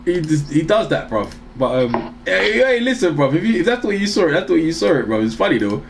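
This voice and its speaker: A man's voice: fairly high pitch, big pitch swings, fast talker, creaky, noisy background. A man with a London accent co-hosting a casual boxing chat, using streetwise slang and swearing. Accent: London English. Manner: streetwise slang, swears, says "bruv" and "innit" a lot. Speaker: boxing show co-host.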